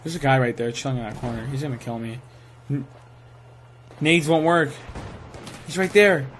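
A young man giving live commentary while playing a shooter game, excitable and swearing, sometimes saying he is tired. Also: mid-range voice, normal speed, a little hiss or hum. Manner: excitable, swears, yells at kills. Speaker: gaming streamer.

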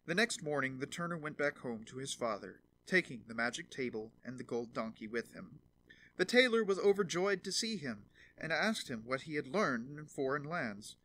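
A man narrating a fairy tale audiobook in an expressive storytelling manner. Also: medium pitch, moderate pace.

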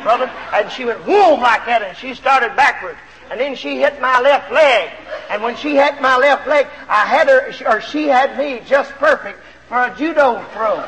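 A man's voice: very high voice, bright, forceful tone, big-room sound, a little hiss or hum, poor audio. A man preaching a sermon, telling a story with lots of animation and then urging his listeners on, in a 1970s LP recording made in a church auditorium with a pulpit mic.

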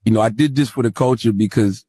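An American man talking on a casual podcast, telling a travel story with emphasis and briefly jumping into high-pitched impressions. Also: fast, warm tone, breathy edge, no room sound. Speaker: podcast co-host.

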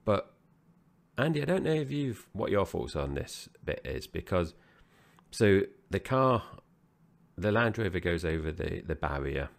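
A man's voice: deep voice, very animated, measured pace, gravelly. A man co-hosting a film review podcast, chatting casually and rambling with frequent restarts. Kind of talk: casual chat.

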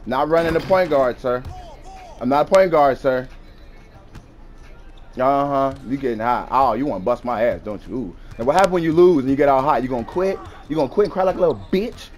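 A man's voice: mid-range voice, brisk, soft background music. A young man gaming and trash-talking an opponent over voice chat, taunting and mocking, repeating his insults over and over. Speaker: gamer.

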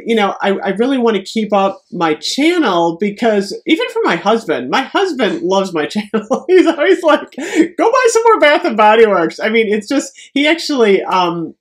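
Gushing woman chatting as she opens mail. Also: mid-range voice. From United States. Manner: gushing, excitable, frequent soft laughs. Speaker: beauty vlogger. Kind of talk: casual unboxing chat.

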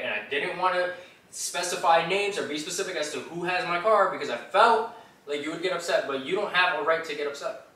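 Young man, pranking his girlfriend, repeats himself, fairly high voice, echoey. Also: pushed and bright. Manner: defensive, repeats himself insistently. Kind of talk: casual couple argument. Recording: echoey room, voice from a distance.

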